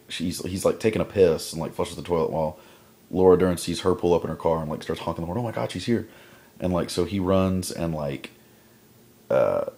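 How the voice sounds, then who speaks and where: A man's voice: low voice, darkish tone. A young adult man casually vlogging a film review at home at night, rambling with constant fillers. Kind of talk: casual chat. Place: home at night before bed.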